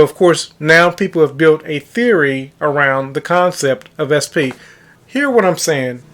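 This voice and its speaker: A man with a fairly high, bright voice tells a story in a relaxed monologue. He coaches on manifestation, leans on words for emphasis, and calls his listeners "guys."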